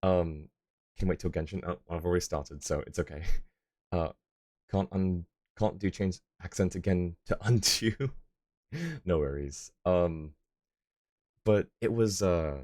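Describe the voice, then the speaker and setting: A man's voice: low-pitched, a little slow, long pauses, a little mellow. A young man streaming live, chatting casually and rambling as he answers his viewers' messages.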